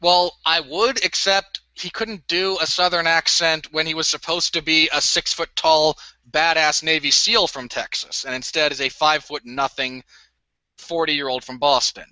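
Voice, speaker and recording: Bright-voiced, ranting male co-host. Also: a little high, steady tone, moderate pace, dry recording. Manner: ranting, sarcastic complaints. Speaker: podcast co-host. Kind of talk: casual movie review chat. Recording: dull lo-fi dry audio.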